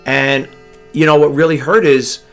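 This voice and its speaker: A tired middle-aged man from New York, an online reseller vlogger, rambles through stories late at night in a home room with a grandfather clock, often repeating words and drifting between topics. His voice is a little high and a bit bright, with a steady tone at normal speed, and faint music plays behind him.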